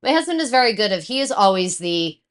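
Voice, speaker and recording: A woman with a mid-range voice co-hosts a casual chat podcast, telling a personal story at a quick pace. She is animated, swears freely, and acts out the voices of the people involved.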